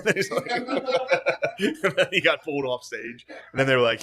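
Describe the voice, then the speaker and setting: A man co-hosting a podcast, telling anecdotes in a relaxed, easily amused, profane chat. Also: mid-range voice, normal speed. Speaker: podcast co-host.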